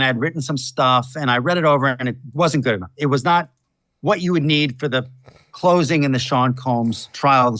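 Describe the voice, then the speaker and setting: A man's fairly high voice, close to the mic with a dry sound. He is a defense lawyer answering an interviewer and unfolds his case like a story. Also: a bit bright, no room sound. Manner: storytelling, measured.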